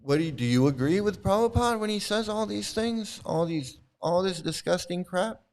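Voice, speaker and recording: Speaking at a normal speed, this host's high, expressive voice has a somewhat dark tone. He comments on his livestream and responds to chat in a combative way, repeating himself often.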